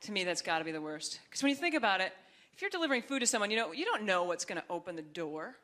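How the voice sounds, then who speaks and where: Bright-voiced wry female stand-up. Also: very animated, rapid-fire. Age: young adult. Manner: wry, chatty, acts out voices in high shrill bursts. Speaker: stand-up comedian. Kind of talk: stand-up comedy routine. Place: comedy stage before a live audience. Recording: live club set with audience laughter.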